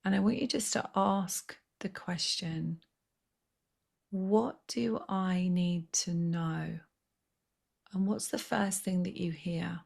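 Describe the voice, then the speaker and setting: A woman, a spiritual healer, softly and slowly coaxing a participant through a guided healing session. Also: lowish voice, gravelly. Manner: soft, slow, coaxing guidance.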